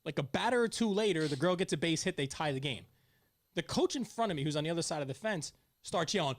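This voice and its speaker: Casual host, a man in his forties; animated, lively storyteller who gets loud in retold arguments. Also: sits high, fast. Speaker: podcast host, youth softball coach. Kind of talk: casual chat.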